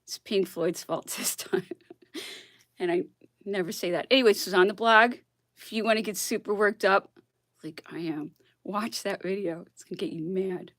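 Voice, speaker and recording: A woman's voice: mid-range voice, moderate pace, a bit bright, dry recording, clean studio sound. A woman blogger on a casual, worked-up rant who keeps asking "okay?" and laughs between her points.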